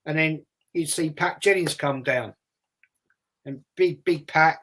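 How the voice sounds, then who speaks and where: An older Londoner from England hosts a casual chat, slowly spinning rambling childhood anecdotes and acting out the voices of the people in them. His voice is a little high and a bit bright.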